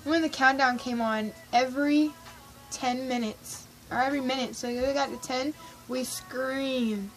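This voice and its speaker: A teenage girl vlogging, telling a rambling, excitable story with lots of fillers. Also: sits high, a little slow, soft background music, rough recording. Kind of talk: casual storytelling vlog.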